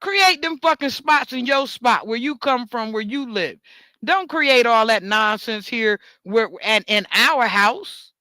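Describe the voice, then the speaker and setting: A woman rants straight into the mic in a high, bright voice. She swears freely and repeats words for emphasis, and the dry recording has no room sound. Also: expressive, unhurried, no room sound. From New York. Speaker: talk show host. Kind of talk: ranting monologue.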